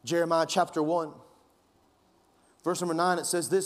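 Fervent male pastor, high-pitched. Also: little pitch movement, moderate pace, pauses often. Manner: fervent, conversational preaching with rising emphasis. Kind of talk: sermon. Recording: long reverb of a large hall.

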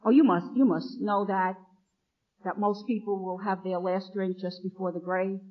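A woman's voice: mid-range voice, normal speed. A middle-aged nun telling her own recovery story to a meeting, acting out the lines of the people in it. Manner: lively storyteller, acts out quoted lines. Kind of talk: personal recovery talk to an audience. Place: meeting hall, addressing an audience. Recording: dull lo-fi archival recording.

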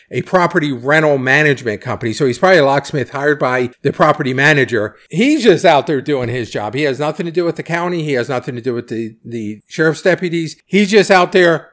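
A middle-aged man hosts a podcast in a casual, conversational way. His voice sits somewhat high for a man. He is opinionated and acts out quoted lines in a raised voice. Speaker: podcast host. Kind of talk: casual commentary.

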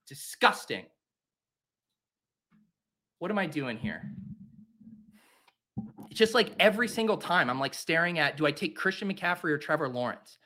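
Bright-voiced man ranting dramatically. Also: on the high side, lively intonation, moderate pace, pauses often. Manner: theatrical self-pitying rants; rambling and joking. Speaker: podcast host. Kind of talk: live-drafting commentary, casual chat.

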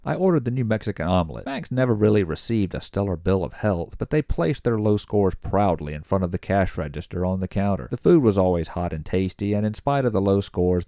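A man reading a first-person story aloud in a measured, wry way. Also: on the low side, a little mellow, no echo, clean studio sound. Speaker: narrator.

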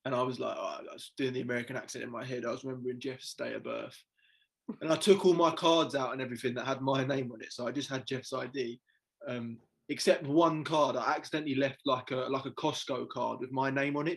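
A man's voice: mid-range voice, fairly even intonation, fast talker, creaky, breathy edge. A young man co-hosting a casual chat, telling a self-mocking story and laughing at himself. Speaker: podcast co-host.

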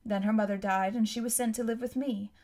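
A woman reading aloud, voicing a kindly middle-aged male explorer with a gently teasing manner. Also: a little high, fairly even intonation, a little fast, close to an everyday voice.

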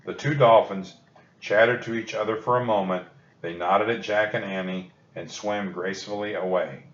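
A man's voice: lowish voice, normal speed. Man reading a children's story aloud. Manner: calm, steady read-aloud delivery. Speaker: storybook reader. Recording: roomy dull lo-fi recording.

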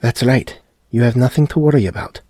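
A man voicing a frightened middle-aged wife and mother who pleads through tears in a dark audiobook story. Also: medium pitch, a little fast, breathy edge, no room sound, studio quality, pitched above the performer's own voice, close to an everyday voice. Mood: tearful. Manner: tearful, pleading.

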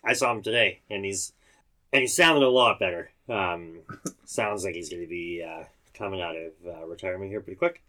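Male co-host, very low voice, easygoing, quick to agree. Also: pushed and bright. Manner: agreeable, chimes in with short remarks. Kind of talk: casual chat.

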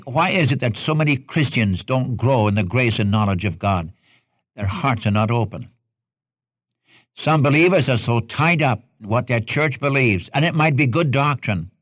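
A man's voice: medium pitch, no echo, studio quality. A man preaching a sermon in an earnest, folksy way, asking rhetorical questions and speaking straight to his listeners as a Bible teacher.

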